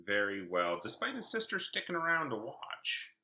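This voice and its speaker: Sharp-toned snarky man co-host. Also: medium pitch, huge pitch swings, moderate pace, a little hiss or hum. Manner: snarky, blunt and opinionated. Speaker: podcast co-host. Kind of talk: casual chat.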